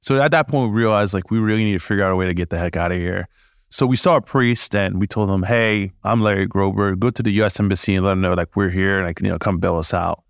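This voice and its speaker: A man, a podcast guest, telling stories casually in an animated way, laughing and acting out dialogue. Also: low-pitched, quick pace, smooth, no echo, clean studio sound. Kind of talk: casual storytelling.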